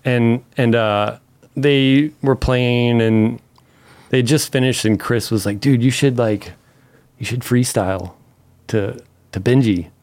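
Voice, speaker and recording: A man from Memphis telling a long story as a podcast guest, animated, acting out the quotes and swearing freely. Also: mid-range voice, slow. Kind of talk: casual storytelling.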